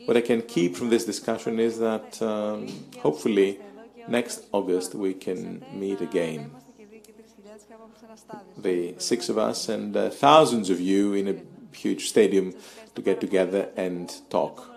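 Man, panel speaker; slow, halting delivery with a slightly low, gravelly voice. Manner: halting, with many pauses and fillers. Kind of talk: live webcast panel discussion.

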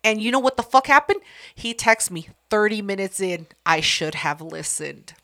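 A woman's voice: medium pitch, expressive, moderate pace, sharp tone. A young woman co-hosting a casual podcast, blunt and sassy with plenty of swearing. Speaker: podcast co-host.

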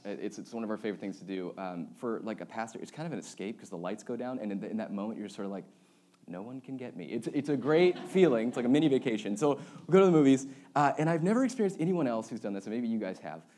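A young adult man preaching a relaxed, conversational sermon as pastor, telling stories and joking with his congregation. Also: fairly low pitch. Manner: casual, storytelling, joking with the congregation.

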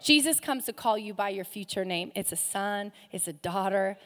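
A woman pastor preaching a sermon, passionate, swinging from loud rises to soft, hushed drops. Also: medium pitch, animated, moderate pace. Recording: long hall reverb.

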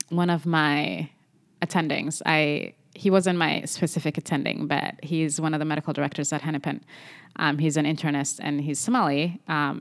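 A young adult woman, a doctor, talking in a relaxed podcast conversation, animated and acting out what people say. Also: low voice. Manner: animated, acts out quoted speech. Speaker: medical doctor guest.

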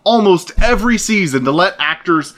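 A man's voice: high-pitched, animated, moderate pace, fairly bright tone. A married man chatting casually on a podcast, swearing for emphasis. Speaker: podcast co-host. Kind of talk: casual chat.

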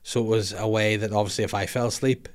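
A man, hosting a podcast and telling funny stories in a casual, swearing way. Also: quick pace. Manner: animated, swears a lot, puts on high squeaky voices for his daughter. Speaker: podcast host. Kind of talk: casual comedic storytelling.

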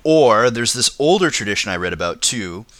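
A man's voice: fairly low pitch, lively intonation, moderate pace, a bit bright, dry recording. A man hosting a casual comedy podcast, chatty, often stammering and laughing as he explains. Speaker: podcast host.

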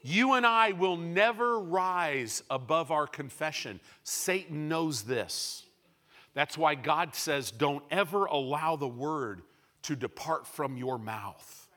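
A male preacher with a high, lively voice that rises and falls widely. He delivers his sermon in bright, forceful tones, shifting from loud bursts to quiet asides. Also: takes it slowly.

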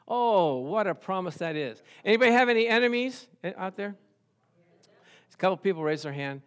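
A man's voice: high voice, lively intonation, a little fast, a bit bright. A middle-aged man, a pastor, preaching a sermon full of playful stories and acted-out voices.

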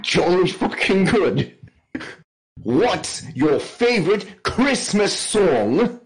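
A man's voice: high voice, very animated, voice pushed up, exaggerated voice, low-quality recording. A man putting on a hammy joke Englishman. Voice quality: over-the-top put-on English accent. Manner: hammy, slowed and drawn out, saying "oi" and "mate". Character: jokey exaggerated Englishman, male adult. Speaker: podcast co-host.

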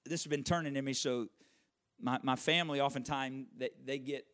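A man preaching a sermon, animated and conversational, who repeats his key phrases and makes quick asides to the congregation. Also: medium pitch. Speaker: pastor.

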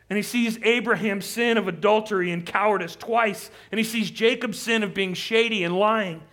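A man preaching a sermon with impassioned delivery, rising to pleading intensity. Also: high-pitched. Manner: impassioned, rising to near-shouted pleading when quoting. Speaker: pastor.

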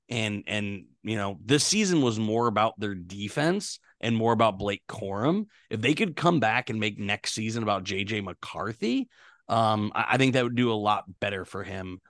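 A man co-hosting a sports podcast, relaxed and agreeable, asking his partner questions. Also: fairly low pitch, normal speed, no room sound, clean studio sound. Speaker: podcast co-host. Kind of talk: casual sports chat.

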